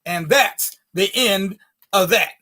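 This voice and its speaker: A woman storyteller telling a folk tale to an audience with dramatic, drawn-out delivery. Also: medium pitch, sharp tone.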